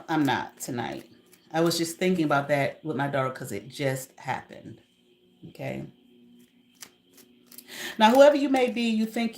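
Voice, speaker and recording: A woman and content creator telling casual stories to her live viewers, animated and profane, with frequent asides and laughs. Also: deep voice. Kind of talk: casual storytelling to a live audience.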